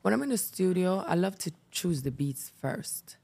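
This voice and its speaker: A woman's voice: lowish voice, moderate pace, vocal fry, slightly rough. A Jamaican woman, a singer and rapper, talking in a laid-back way as a guest in a casual interview. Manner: laid-back, relaxed, with "you know" asides.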